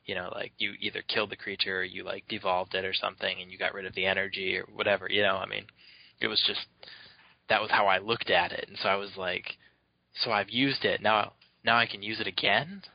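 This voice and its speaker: A man with a lowish voice chats casually on a podcast, rambling through an anecdote with frequent "like"s and chuckles. The recording is dry and slightly muffled, lo-fi in quality. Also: monotone, quick pace, gravelly, dry recording. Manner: rambling, many "like" fillers, laughs often. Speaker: podcast co-host. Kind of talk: casual chat, telling anecdotes.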